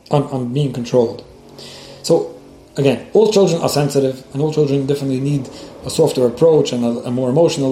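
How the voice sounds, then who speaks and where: Guy giving a parenting class, talks fast, mellow voice, echoey room with a little hiss. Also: medium pitch. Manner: fast, repeats words, many restarts. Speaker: rabbi and teacher on child education. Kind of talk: lecture with storytelling.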